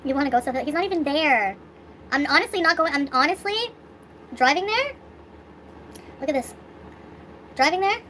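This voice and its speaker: A woman's voice: sits high, expressive, moderate pace, pauses often, bright, forceful tone, slight background noise. A young woman vlogging, venting in an upset, swearing rant with sighs. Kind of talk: angry venting vlog.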